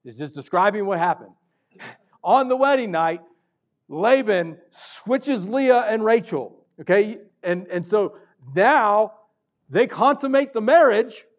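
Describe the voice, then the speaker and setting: A male pastor preaching a sermon, moving between loud urgent stretches and hushed, intimate ones. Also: high voice, animated, slow pace.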